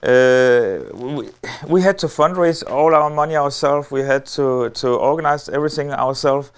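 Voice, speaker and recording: A middle-aged man with a Danish accent tells a story from a conference stage. His voice sits a touch high and comes through smooth and clear. He hesitates often and fills the gaps with small sounds, keeping a wry edge. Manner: halting, many filler sounds, wry humor. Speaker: lecturer. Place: on a stage before an audience.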